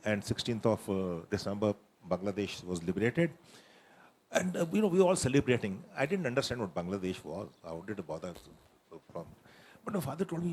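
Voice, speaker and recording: A retired army general. He talks quickly and directly, thinking aloud as he goes. His pitch is ordinary for a man. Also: a little mellow, slightly rough. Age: 60s. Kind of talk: panel discussion.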